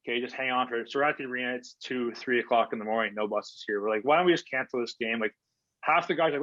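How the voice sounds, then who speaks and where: A man's voice: mid-range voice, fast, a bit bright, no room sound. A man from Canada, a hockey player guest, telling stories casually with lots of fillers and replayed conversations. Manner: chatty, filler-heavy, replays conversations in quotes. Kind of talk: casual storytelling interview. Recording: dull, dry lo-fi sound.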